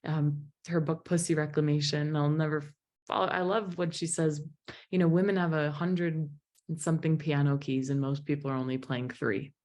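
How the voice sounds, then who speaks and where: A woman giving a motivational talk to a group at an evening presentation, telling a personal story in an emotive, animated way. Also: low-pitched, normal speed. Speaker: motivational speaker and business founder.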